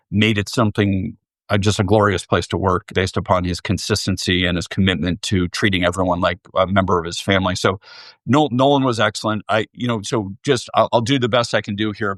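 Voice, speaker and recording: A man's voice: on the low side, a bit bright, dry recording. A middle-aged man, a former baseball executive, chatting candidly as an interview guest with anecdotes and self-deprecating humor. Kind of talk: casual interview chat.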